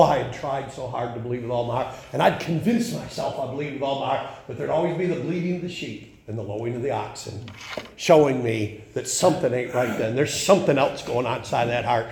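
A middle-aged man preaching a sermon, folksy and emphatic, swinging from loud bursts to low intense tones. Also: very echoey, poor audio.

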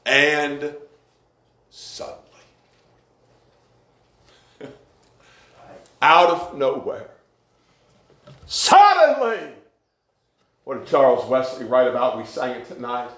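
A man preaching a sermon, rhythmic and swinging between hushed lows and shouted peaks. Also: echoey room.

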